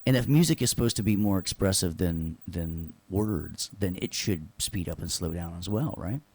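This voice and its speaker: A man's voice: low-pitched, moderate pace, a little mellow, no echo. A man teaching a casual online class, loose and joking, who keeps checking in with his students by asking "right?". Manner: checks in with frequent "right?" tag questions; loose and joking, with sarcastic asides. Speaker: instructor.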